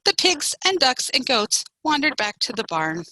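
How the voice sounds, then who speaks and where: A woman, a children's librarian, reading a picture book aloud in an animated, expressive way. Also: sits high, moderate pace, no room sound, poor audio.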